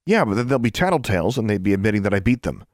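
A man's voice: lowish voice, very animated, rapid-fire, dry recording, clean studio sound, pitched above the performer's own voice. A man voicing a proud, stubborn eleven-year-old witch girl who talks back smugly in an audiobook. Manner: smug, defiant, mocking.

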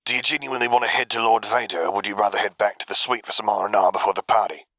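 A man's voice: on the low side, steady tone, racing, fairly bright tone, dry recording. A man reading the part of a happy, chatty male clone trooper.

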